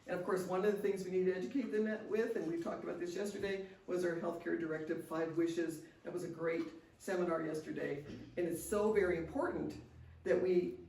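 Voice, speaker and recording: A woman's voice: fairly low pitch, fairly even intonation, a little fast, gravelly, darkish tone. Older woman giving an earnest seminar talk. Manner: earnest, personal, frequent restarts. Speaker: seminar speaker. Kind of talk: seminar talk with personal stories. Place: seminar room. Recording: echoey room, distant mic.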